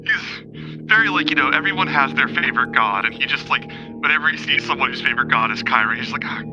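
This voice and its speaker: A man's voice: mid-range voice, expressive, fast talker. A man narrating as game master of a tabletop game, hesitant and full of ums and restarts. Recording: slightly muffled recording with music behind.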